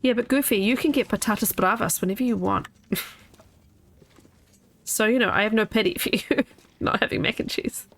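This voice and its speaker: A woman's voice: a little high, moderate pace, pauses often, a bit bright. Chatty woman streamer rambling while playing. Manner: rambling and chatty, trailing off and restarting. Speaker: game streamer. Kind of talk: casual gameplay commentary chatting with viewers.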